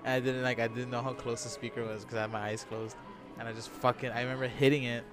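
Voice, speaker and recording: A man's voice: mid-range voice, flat delivery, quick pace, music in the background. A man talking as a podcast guest in casual chat, laid-back, swearing a lot and laughing at himself.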